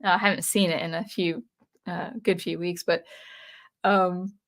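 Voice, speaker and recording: A woman's voice: fairly low pitch, fairly even intonation, moderate pace, fairly bright tone. Woman host, casual livestream chat, rambles with fillers. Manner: rambling, with many fillers and restarts. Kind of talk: casual livestream chat reading viewer comments.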